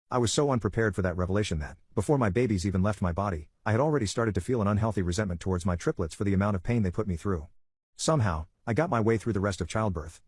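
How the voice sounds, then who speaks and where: Man, story narration, quick steady reading, low-ish voice, dry close sound. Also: breathy edge, no echo. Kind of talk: reading online stories aloud.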